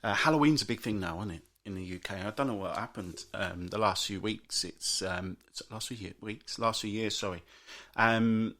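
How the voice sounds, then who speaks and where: With a lowish voice and a sharp tone, this British man hosts a podcast on his own at a moderate pace. He rambles and rants about daily grumbles, ridiculing the people who moan by putting on voices. His accent is British English.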